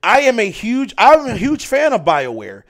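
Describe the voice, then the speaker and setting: A man's voice: very high voice, huge pitch swings, normal speed, a bit bright. A man co-hosting a casual gaming podcast, often stammering and restarting before he makes his point. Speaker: podcast co-host. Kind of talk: casual heated chat.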